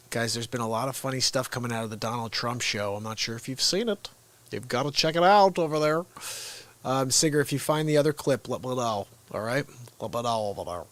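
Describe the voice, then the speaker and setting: A man's voice: medium pitch, brisk, a bit bright, dry recording. A man chatting casually with his viewers while hosting a livestream. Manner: chatty, talks straight to viewers. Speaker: livestream host.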